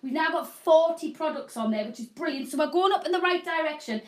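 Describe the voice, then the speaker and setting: A woman's voice: sits high, expressive, brisk. A middle-aged woman hosting a live shopping channel, rambling and chatting casually with viewers. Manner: chatty, rambling, self-deprecating. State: having a hot flush. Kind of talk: live selling chat.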